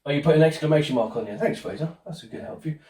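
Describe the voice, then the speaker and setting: A man's voice: a little high, racing, dark tone. A man leads a home-school lesson in a cheerful, coaxing way, asking questions one after another. His voice sounds roomy and a little distant from the mic. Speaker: presenter.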